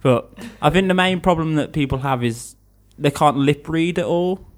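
A man's voice: a little high, moderate pace. A young English teacher from England with a Birmingham accent, mumbling as he chats casually in an interview. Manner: mumbly, relaxed and chatty.

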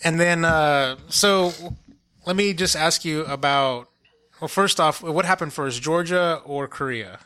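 A man's voice: on the high side, measured pace, bright, forceful tone, smooth. A man interviewing his older brother in a casual chat, curious and prompting, with frequent hesitant fillers.

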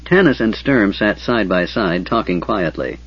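Male audiobook narrator, husky voice, kinda dull lo-fi recording. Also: lowish voice. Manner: steady, measured storytelling. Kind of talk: scripted fantasy narration.

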